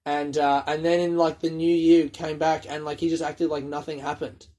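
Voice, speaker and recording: A man's voice: a little high, little pitch movement, normal speed, dark tone. A man, telling rambling, sweary stories on his own and laughing at his own jokes. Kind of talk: casual solo storytelling.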